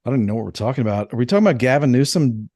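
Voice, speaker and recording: A man in his thirties co-hosting a podcast, telling crude, rambling, animated stories in casual banter. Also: mid-range voice, very fast, no room sound, clean studio sound. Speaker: podcast co-host.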